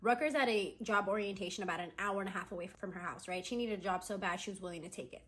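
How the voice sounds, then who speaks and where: Fast-talking woman telling a gossipy story. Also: mid-range voice, fairly bright tone. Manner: chatty, gossipy, full of "like" and "right?". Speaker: storytime content creator. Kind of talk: casual storytime retelling.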